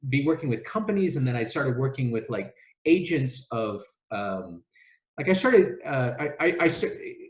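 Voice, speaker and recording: A man's voice: mid-range voice, big pitch swings, normal speed. A middle-aged man, a travel agency owner and podcast guest, telling stories in a casual interview, rambling with many restarts and fillers. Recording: echoey room.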